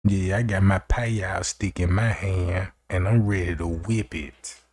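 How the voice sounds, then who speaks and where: A man's voice: low-pitched, fairly even intonation, a little slow, a little mellow. A man hosting a live stream, talking to his viewers in a hyped, chatty way. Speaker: livestream host. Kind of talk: casual livestream commentary.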